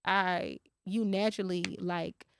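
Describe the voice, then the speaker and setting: A woman's voice: on the low side, fairly even intonation, takes it slowly, gravelly, a little hiss or hum. A young woman hosting a podcast, talking candidly and profanely in casual chat, with a lot of emotional storytelling. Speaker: podcast host.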